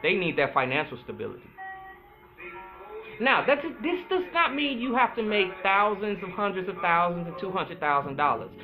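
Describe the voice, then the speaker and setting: Over a tinny, phone-like line with faint background music, a high-voiced man who hosts a podcast and practices astrology chats solo. He's lively and playful, stretching certain words out slowly.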